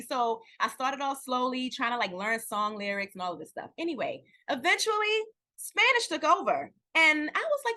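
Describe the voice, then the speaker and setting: A woman, an actress, chatting candidly in an interview, telling stories with lively acted-out quotes and at times close to tears. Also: sits high, brisk. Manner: animated storytelling, acts out quoted dialogue, near tears at times. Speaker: guest actress.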